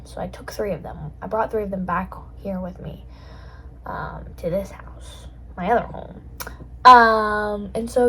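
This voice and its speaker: A woman's voice: mid-range voice, a bit bright, a little hiss or hum, rough recording. A young adult woman hosting a casual solo chat, rambling in a bubbly way with lots of fillers. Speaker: podcast host.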